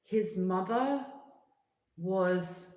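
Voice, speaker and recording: A woman, chatting in a rambling, relaxed way on a livestream, full of fillers and asides. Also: medium pitch, extremely slow. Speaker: livestream host. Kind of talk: casual livestream chat. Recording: echoey room.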